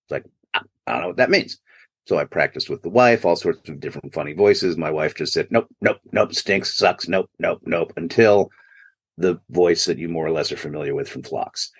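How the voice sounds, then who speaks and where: An older man, a guest actor, telling anecdotes in a self-mocking, animated way in a podcast interview. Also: sits low, moderate pace, slightly rough, dry recording. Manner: animated, self-mocking storyteller who acts out quoted voices.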